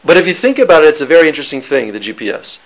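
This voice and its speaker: A man with a fairly high-set voice teaches an informal Torah class. He talks in a loose, conversational way, restarting phrases and trading jokes with the people listening. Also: lively intonation, racing, vocal fry, poor audio.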